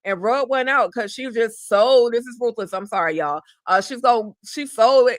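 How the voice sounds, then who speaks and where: A woman's voice: on the high side, normal speed, dry recording. A woman co-hosting a casual TV recap chat, giving frank, sassy commentary. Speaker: co-host.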